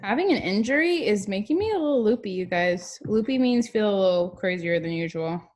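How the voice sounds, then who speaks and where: A woman's voice: mid-range voice, lively intonation, fairly quick, darkish tone. A young woman teaching a video class to young children, cheerful and encouraging, singing along and spelling words.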